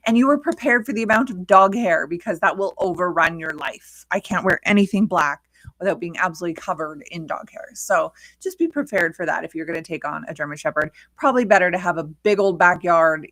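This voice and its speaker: A woman co-hosting a podcast from her home office, chatting casually and telling animated stories. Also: lowish voice, no echo. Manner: chatty, animated storytelling about her dog. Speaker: podcast co-host. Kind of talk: casual chat. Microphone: desk microphone on a video call.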